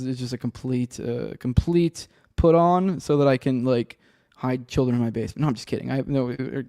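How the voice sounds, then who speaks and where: Podcast host: man, rambling and sardonic, swears freely, dark mellow voice on a dry, close track. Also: medium pitch, gravelly, no room sound. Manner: rambling, profane, sardonic, many restarts. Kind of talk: casual solo commentary with chat. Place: home room with a cat and a desk.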